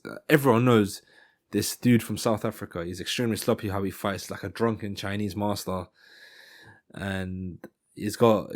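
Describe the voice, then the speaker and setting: A man giving casual fight commentary in a rambling style, often stopping to correct himself. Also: fairly low pitch. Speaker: MMA commentator.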